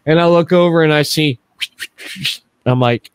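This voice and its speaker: A middle-aged man hosting a podcast, telling stories in a casual, animated way. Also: fairly high pitch, normal speed, clean tone, dry recording. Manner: animated storyteller. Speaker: podcast host.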